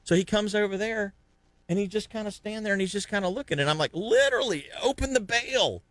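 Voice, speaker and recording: A man hosting a fishing podcast, telling a lively fishing story in casual chat and acting out the other anglers' lines. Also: high-pitched, fast talker, no room sound. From Florida.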